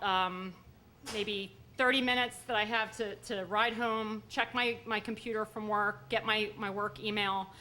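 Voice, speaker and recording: A middle-aged woman telling a comic story on stage in an animated, high-strung way. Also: slight background noise. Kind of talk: live storytelling performance. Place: live stage at a story slam.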